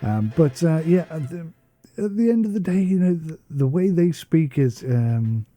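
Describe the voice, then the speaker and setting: A man's voice: fairly high pitch, lively intonation, a little slow, warm tone, soft background music. An English man rambling through a casual gameplay commentary voice-over, chatty and self-deprecating, often wandering off on tangents. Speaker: gaming channel host.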